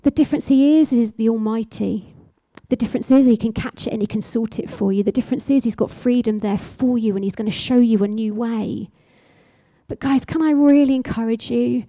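A woman's voice: fairly high pitch, mellow, dry recording. A woman preaching a sermon with passionate, emphatic exhortation, driving her points home through repeated phrases.

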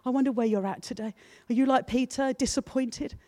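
A woman's voice: sits high, brisk, hardly any pauses, dry recording, clean studio sound. A woman preaching a sermon to her church in an earnest, personal way. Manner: earnest, builds from soft confessional to emphatic.

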